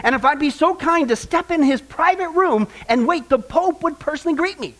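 A man voicing a boastful, well-to-do woman in a told joke, lifting his voice high and gushing. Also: animated, brisk, a bit bright. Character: boastful, well-to-do New York woman client.

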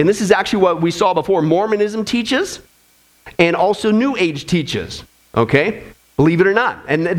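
A man preaching a sermon to a congregation, emphatic and preacherly, with jokey asides to the crowd. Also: high voice. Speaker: pastor.

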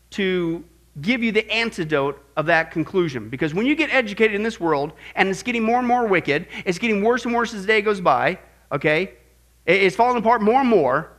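A middle-aged man teaching a Bible class in an animated sermon style, swinging from quiet asides to loud exclamations. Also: high-pitched.

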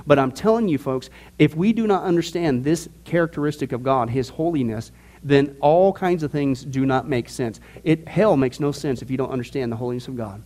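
With a medium-pitched, slightly mellow voice and a fairly quick pace, a man leads a Bible study class. His style is casual and emphatic, full of jokes and questions put to the group.

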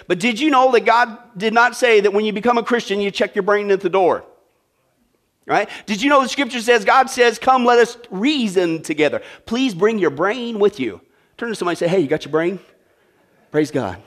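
A man's voice: high-pitched, fairly bright tone. A male pastor preaching a sermon in a conversational, joking way, checking in with the congregation with "right?" and "okay?".

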